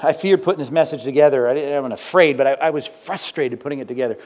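A man's voice: medium pitch, fast talker, darkish tone. A male pastor preaching a sermon in a conversational way, firing rhetorical questions and tagging lines with "right?", with the odd chuckle. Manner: chuckles now and then mid-sentence.

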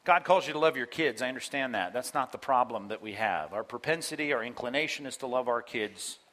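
Bright-voiced male pastor preaching. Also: mid-range voice, brisk. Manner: animated, acts out quoted voices, addresses congregation directly. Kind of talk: sermon. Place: church.

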